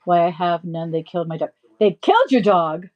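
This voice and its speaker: A middle-aged woman hosting a live resale stream, rambling through animated stories and laughing often. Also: fairly low pitch, a little fast, dull audio. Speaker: live-stream reseller host. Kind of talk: chatty live-selling stream.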